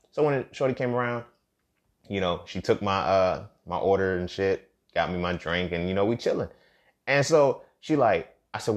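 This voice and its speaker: A man's voice: deep voice, animated, moderate pace. A man hosting a solo podcast, talking in a casual monologue with heavy profanity, street slang and repeated phrases. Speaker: podcast host.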